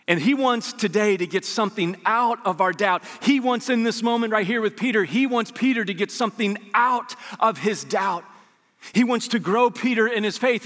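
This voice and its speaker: A man's voice: sits high, a bit bright, big-room sound. A man preaching a sermon as pastor, talking conversationally and acting out scenes from scripture.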